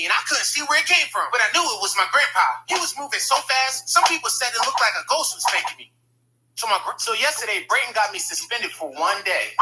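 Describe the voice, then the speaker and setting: A woman narrating first-person storytime tales in a lively, animated way, acting out the characters' lines. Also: fairly high pitch, low-quality recording. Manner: lively, acts out lines and voices.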